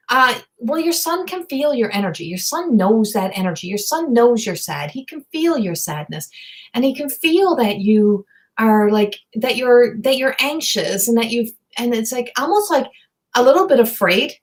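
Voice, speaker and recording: A woman's voice: fairly high pitch, lively intonation, moderate pace. A woman giving a live psychic reading, earnest and emotive, rambling and repeating herself. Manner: rambling and repetitive, many fillers. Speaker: psychic medium and tarot reader.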